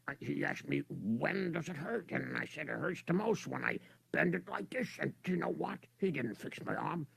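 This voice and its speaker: A man's voice: on the high side, gravelly, a bit bright, husky, dry recording. A man performing comic sketches as a storyteller's partner, complaining indignantly with lots of stammers.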